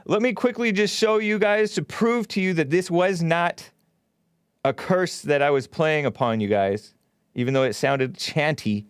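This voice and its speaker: Guy hosting a live stream show, smooth voice, dry close sound, swings his pitch a lot. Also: unhurried, no echo. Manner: animated, reads chat comments aloud with laughs. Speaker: talk show host. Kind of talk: casual live-stream talk.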